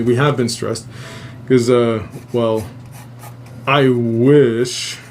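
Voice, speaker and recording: A man's voice: medium pitch, a little hiss or hum. Swearing man rambling through a story. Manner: heavy casual swearing; animated, rambling retelling with restarts. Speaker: livestream host. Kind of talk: casual storytelling on a live stream.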